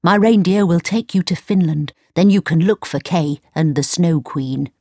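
A woman's voice: fairly low pitch, moderate pace, warm tone, no room sound, clean studio sound. A woman reading a storybook aloud, voicing a bold, bossy young robber's daughter.

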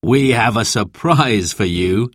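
A man voicing a kindly, tired father who sighs gently, in a storybook reading. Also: on the low side, animated, takes it slowly, no room sound, studio quality, heavily acted. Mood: gentle. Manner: gentle, sighing.

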